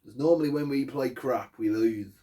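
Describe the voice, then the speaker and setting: A man's voice: medium pitch, moderate pace, warm tone. A man giving an angry post-match fan rant, swearing heavily and hammering his points. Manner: angry, heavy swearing, emphatic. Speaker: football fan vlogger.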